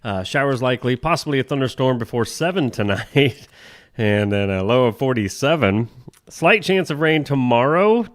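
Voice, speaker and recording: A man's voice: medium pitch, expressive, moderate pace. A man co-hosting a morning show, joking around and reading ads and the weather. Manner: joking, laughs often, rambling.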